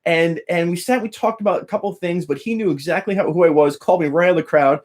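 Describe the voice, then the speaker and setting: A young adult man with a slightly high voice tells a story to his viewers in a casual, eager way. He laughs often and acts out what others said. He sounds thrilled. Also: fast talker, a little hiss or hum. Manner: animated, laughing, quoting others with voice changes. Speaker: guitar teacher and YouTuber.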